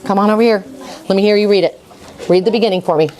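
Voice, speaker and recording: A middle-aged woman teaching first graders to write, brisk and coaxing, repeating her prompts. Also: medium pitch, darkish tone. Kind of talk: classroom writing lesson. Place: classroom.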